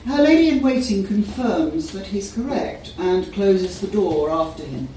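A woman voice actor reading a short story aloud at a live event, deliberate and unhurried. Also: mid-range voice, lively intonation, mellow. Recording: echoey room, mic far off, faint noise.

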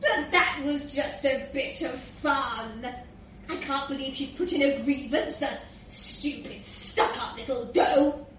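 A woman's voice: sits high, takes it slowly. A woman voicing a boastful, laddish male reindeer who turns whiny when cornered. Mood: sulky. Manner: loud, boastful, laughing through lines. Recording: echoey room, distant mic, faint hiss.

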